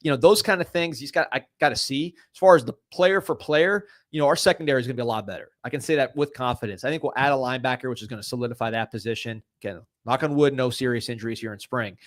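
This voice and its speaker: A man's voice: medium pitch, rapid-fire, few pauses, dry recording, studio quality. A man co-hosting a podcast, in casual sports chat, rambling through confident opinions. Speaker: podcast co-host.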